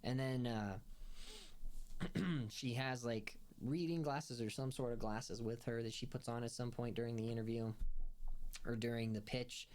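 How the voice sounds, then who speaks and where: Laughing as he retells scenes, the host of a film review podcast rambles casually through episode recaps, with lots of fillers and restarts. He speaks a little slowly in a steady, mid-range, slightly mellow voice, with slight background noise.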